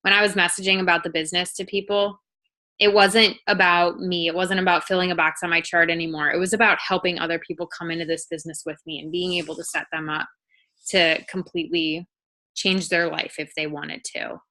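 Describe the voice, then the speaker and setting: A young woman co-hosting a motivational team video call, reflecting earnestly and speaking in quick bursts. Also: lowish voice, level tone, sharp tone. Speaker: team leader and co-host.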